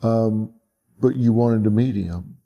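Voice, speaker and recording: A man interviewing calmly, asking probing questions and repeating answers back. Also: lowish voice, takes it slowly, creaky, highs cut off.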